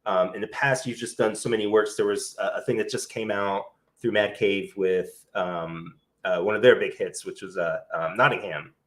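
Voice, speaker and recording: A man's voice: fairly low pitch, fairly even intonation, moderate pace, fairly bright tone. A middle-aged man hosting a casual interview, enthusiastic and rambling with lots of fillers. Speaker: interview host.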